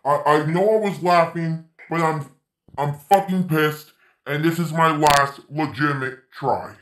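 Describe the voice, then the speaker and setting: A man's voice: a little high, unhurried, fairly bright tone, echoey room, low-quality recording. A man giving let's-play commentary on a game, swearing and venting frustration between plays. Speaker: gaming YouTuber.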